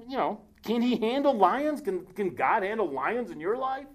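A man preaching a casual sermon, reading scripture aloud slowly and breaking off into joking asides. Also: sits high, expressive.

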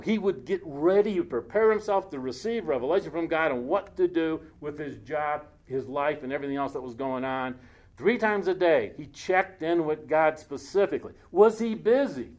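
A man preaching a casual sermon, reading scripture aloud slowly and breaking off into joking asides. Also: sits high, darkish tone.

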